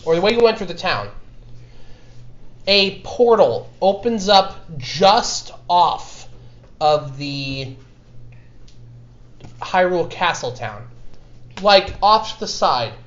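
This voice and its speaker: A man running a tabletop game as game master, narrating in a halting, self-correcting way. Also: fairly high pitch, expressive, fairly bright tone. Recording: dull, echoey room.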